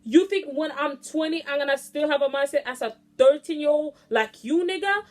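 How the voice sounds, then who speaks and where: Blunt young woman ranting with a higher voice. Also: moderate pace. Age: late teens. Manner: blunt, profane, animated ranting. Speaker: vlogger. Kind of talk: casual venting monologue.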